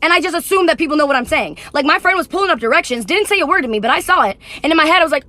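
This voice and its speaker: This is a woman who chatters at high speed, packing her sentences with fillers as she rants casually to camera. Her voice is high and bright. The sound is dry and close. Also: sing-song, no room sound. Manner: very fast, filler-heavy chatter. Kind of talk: casual vlog rant.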